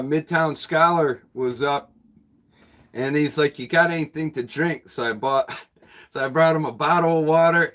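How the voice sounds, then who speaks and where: A man hosting a casual livestream from his bookshop, talking to viewers in a rambling, friendly-sounding flow. He repeats words, restarts phrases and chuckles now and then. His pitch sits in the middle range for a man. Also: a bit bright. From New York State. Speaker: bookseller and channel host.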